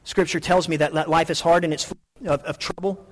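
Man, middle-aged, pastor, animated sermon, restarts often, fairly high voice. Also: a little fast. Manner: animated storytelling with many restarts. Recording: long hall reverb.

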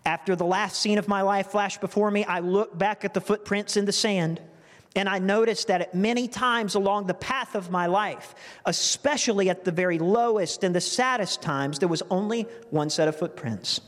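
A man's voice: high voice, normal speed. A man preaching a sermon with earnest, emotional storytelling, often restarting his phrases. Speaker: pastor. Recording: long reverb from a large hall.

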